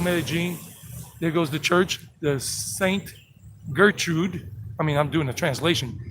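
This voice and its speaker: A man leads a casual walking tour on a live stream, chatty and joking as he goes. His voice sits a little high, with loud street noise and passing traffic behind him. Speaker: travel vlogger. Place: outdoor town streets. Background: street noise and vehicles.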